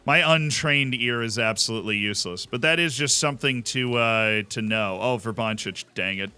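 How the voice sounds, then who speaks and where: Brief: male streamer, chatty and jokey, bright tone, faint guitar music behind. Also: medium pitch, normal speed, clean tone. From Florida. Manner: chatty, enthusiastic, jokey asides. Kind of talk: casual gameplay commentary.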